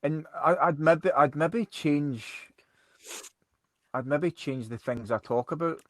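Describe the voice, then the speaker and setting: A man's voice: fairly high pitch, slow, no echo. A Scottish man in casual podcast chat, hesitant and often repeating words as he starts. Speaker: podcast co-host.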